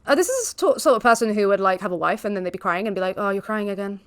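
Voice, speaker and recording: A woman's voice: medium pitch, big pitch swings, rapid-fire, no room sound. A woman giving incredulous reaction commentary on a streamer's clip. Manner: exasperated, incredulous.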